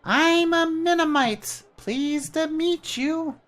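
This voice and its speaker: A man voicing a tiny chirpy male winged sprite in a high, squeaky, slowly drawn-out voice. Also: a bit bright, heavily acted. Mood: cheeky chirpy.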